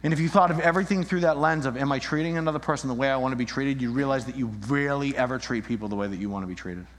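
A man preaching a sermon, animated, acting out little scenes and shifting his voice as he argues. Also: mid-range voice, very fast. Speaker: pastor. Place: church. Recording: long reverb in a hall.

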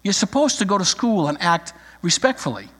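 A middle-aged man preaching a sermon, emphatic and slowing down to read scripture. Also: sits high, big pitch swings, fairly bright tone. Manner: emphatic, drawn-out scripture reading. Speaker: pastor. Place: church sanctuary. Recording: echoey church hall.

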